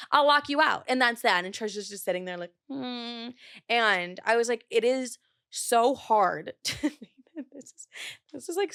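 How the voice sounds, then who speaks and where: A woman's voice: medium pitch, fairly bright tone, clear, resonant tone, no room sound, clean studio sound. Chatty young woman podcast host. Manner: chatty, swears a lot, says "like" often. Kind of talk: casual chat.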